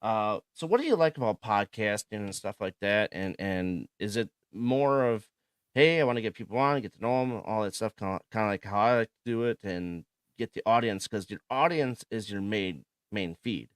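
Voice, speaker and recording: A man hosting a podcast interview, asking loose, relaxed questions. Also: fairly low pitch, normal speed, clear, resonant tone, dry recording. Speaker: podcast host. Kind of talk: casual interview.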